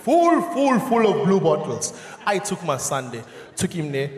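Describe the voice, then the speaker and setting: A South African man doing live stand-up comedy on a large theatre stage, animated and shouting his punchlines. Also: fairly high pitch, a little slow. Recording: echoey theatre hall with audience laughter.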